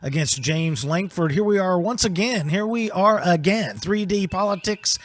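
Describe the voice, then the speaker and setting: A man hosting a live political talk show, jokey and quick to interrupt. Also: high-pitched. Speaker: host.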